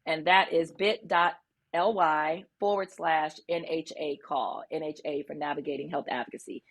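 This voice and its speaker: A woman's voice: low voice, steady tone, normal speed. A woman doctor being interviewed, talking earnestly with frequent ums. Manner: warm, earnest, many ums. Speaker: guest, physician.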